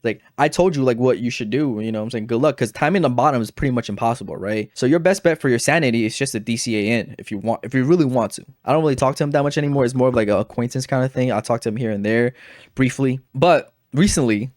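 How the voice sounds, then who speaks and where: A man's voice: mid-range voice, fast, dry recording, clean studio sound. Exasperated young man ranting casually. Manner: animated and exasperated, heavy on filler phrases. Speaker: investing video creator. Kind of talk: casual storytelling monologue.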